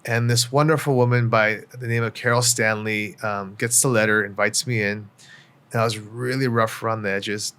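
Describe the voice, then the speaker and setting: A man's voice: on the low side, steady tone, moderate pace, fairly bright tone, clean tone. A middle-aged man speaking as a podcast guest, telling his life story in a candid, reflective way with many fillers. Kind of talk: personal story in casual interview.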